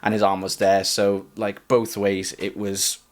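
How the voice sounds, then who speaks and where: A man's voice: fairly low pitch, level tone, measured pace. A man from the UK co-hosting a casual chat podcast, rambling with lots of "like" and "you know". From United Kingdom. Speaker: podcast co-host.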